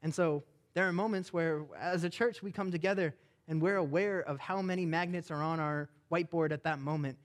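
A young adult man, a pastor, preaching a sermon with animated, emphatic delivery. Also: on the high side, fairly quick.

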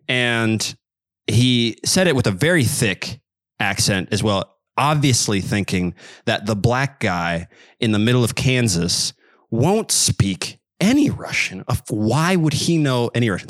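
A young man chatting on a podcast, telling a story in an animated way and laughing now and then. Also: mid-range voice, dry recording, clean studio sound. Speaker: podcast guest. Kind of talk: casual storytelling. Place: home room in Sweden.

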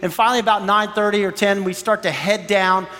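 A pastor preaches and tells a story, acting out what each person said with plenty of energy. His voice sits high for a man. Long reverb from a large hall trails behind every phrase. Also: fairly even intonation, fairly quick, bright, forceful tone. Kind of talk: sermon storytelling.

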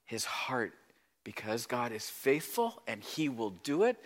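A pastor preaches slowly in a medium-pitched, sing-song voice, swinging from loud pleading lines to soft hushed passages as he acts out voices from the Bible.

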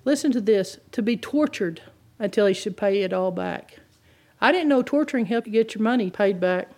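A woman's voice: mid-range voice, expressive, moderate pace, darkish tone. A woman preaching a sermon, telling stories and reading scripture in an earnest, emphatic way.

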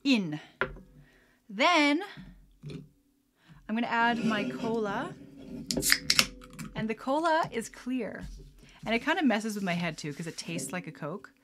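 A woman's voice: fairly high pitch, animated, takes it slowly, long pauses, background noise. A young woman hosting a casual podcast at home, chatty and rambling, often breaking into giggles as she talks. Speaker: podcast host. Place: at home, mixing a drink on camera.

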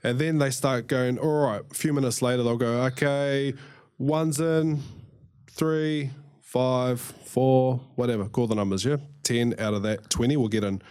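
A man in his thirties from New Zealand with a New Zealand accent, telling a story in casual chat, animated and swearing freely as he acts out scenes. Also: mid-range voice, quick pace, hardly any pauses, smooth. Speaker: guest, fighter.

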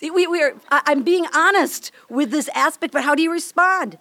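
Older Midwestern woman, high and bright, candid devotional speaker, dry close sound. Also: normal speed, no room sound. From Minnesota. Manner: chatty, candid, laughs often, acts out little scenes. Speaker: women's ministry speaker. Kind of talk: devotional teaching talk.

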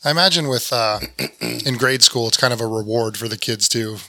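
A man's voice: medium pitch, moderate pace, pushed and bright, no room sound, studio quality. A man hosting a podcast in casual chat, asking questions and cracking jokes. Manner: joking, asks questions.

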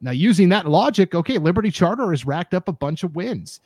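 Podcast host, male, higher voice, dry close mic, fires up fast and rants. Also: no room sound. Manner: animated, gets fired up and rants. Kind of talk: casual sports podcast chat.

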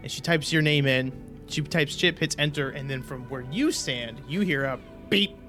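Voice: medium pitch, moderate pace, fairly bright tone, soft background music. A game master narrating a tabletop game in a rambling, chuckling way.

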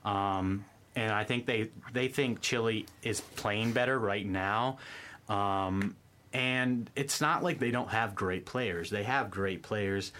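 Lower-voiced man explaining sports calmly. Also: a little hiss or hum. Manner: measured, explanatory, many ums. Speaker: sports pundit. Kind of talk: casual sports chat.

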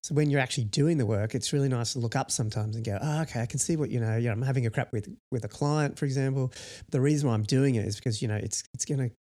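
A man's voice: mid-range voice, very fast, warm tone. A man co-hosting a startup podcast in casual chat, rambling and full of "you know" fillers. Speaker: podcast co-host, startup founder.

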